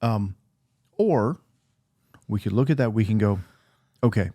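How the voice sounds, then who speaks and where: A man co-hosting a casual talk show, explaining ideas in a relaxed conversational way and acting out his own inner voice. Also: on the low side, measured pace, no room sound, studio quality. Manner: conversational, talks through ideas with quoted self-talk. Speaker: podcast co-host. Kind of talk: casual faith-based chat.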